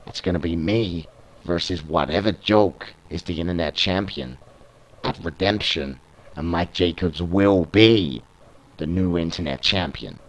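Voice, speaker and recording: A man's voice: deep voice, a little slow. A British man reading out the lines of a smug, boastful male wrestling contender. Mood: sneering. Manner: sneering, boastful.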